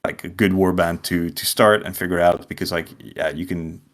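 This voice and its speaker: A man's voice: sits low, fairly even intonation, normal speed. A man co-hosting a casual tabletop wargame podcast, talking in a loose, rambling way full of fillers and restarts. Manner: rambling, lots of likes and restarts. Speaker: podcast co-host.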